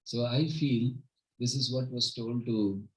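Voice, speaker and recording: A man speaking in an everyday mid-range voice, giving an informal devotional talk to a small gathering in a home. He is earnest and tells stories, often pausing to check that his listeners are following. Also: mid-range voice, steady tone, low-quality recording. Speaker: spiritual teacher leading a home gathering.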